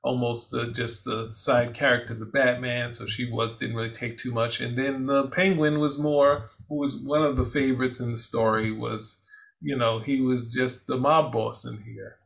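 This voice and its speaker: A man's voice: mid-range voice, level tone, moderate pace, gravelly, fairly bright tone. A man co-hosting a casual film review chat, rambling and restarting often, with easy laughs. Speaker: co-host.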